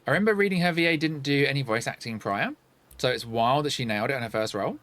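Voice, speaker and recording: A man streaming a game and chatting casually with his viewers, reacting out loud with sing-song asides. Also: medium pitch, fast talker. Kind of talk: casual chat while gaming, answering chat.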